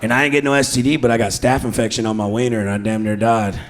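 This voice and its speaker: A man's voice: medium pitch, flat delivery, fast, noisy background. A man doing an improvised stand-up set on a comedy club stage, crude and rowdy, laughing through his jokes into a handheld mic. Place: comedy club stage before a live audience.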